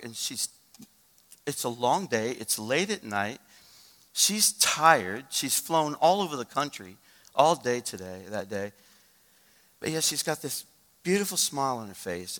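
A male pastor preaching a sermon, moving from loud urgent exhortation to a quiet, hushed story. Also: medium pitch, big pitch swings, unhurried, big-room sound.

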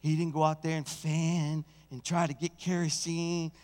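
A male senior pastor preaching a sermon, telling stories and building to shouted peaks in a church sanctuary. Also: on the high side, level tone, normal speed. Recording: long church hall reverb.

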